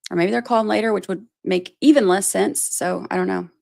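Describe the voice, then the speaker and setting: Fairly quick and creaky, with a darkish tone and fairly even intonation, a woman's medium-pitched voice carries a casual livestream about a court case. She reads the chat aloud, rambles, thinks out loud and fills gaps with "like" and "you know," often at her own expense.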